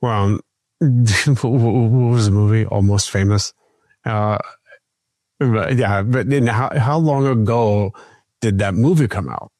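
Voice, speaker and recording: Man, podcast host, slow deliberate talk, low voice, dry close sound. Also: a little mellow, no room sound. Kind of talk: casual interview chat.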